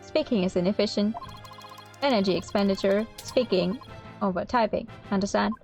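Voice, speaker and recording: A woman voicing a stiff, robotic-sounding male bomb expert, speaking in flat, clipped, word-by-word phrases. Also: mid-range voice, normal speed, vocal fry, faint music behind, natural voice. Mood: deadpan.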